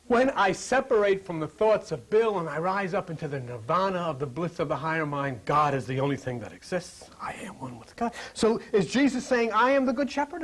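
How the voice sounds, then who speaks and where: Male preacher, husky and high, jokey, whispers for emphasis. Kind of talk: lively sermon to a live congregation.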